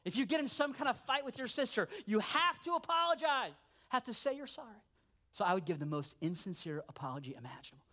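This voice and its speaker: Talking fast, a pastor preaches animatedly through stories, going quiet for asides and swelling for his emphatic moments.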